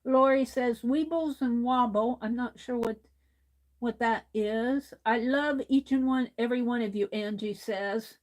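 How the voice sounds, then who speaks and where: High-voiced, unhurried woman livestreamer. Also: a little mellow. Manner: chatty, reads viewer comments aloud, laughs easily. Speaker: art livestream host. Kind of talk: casual livestream chat while drawing.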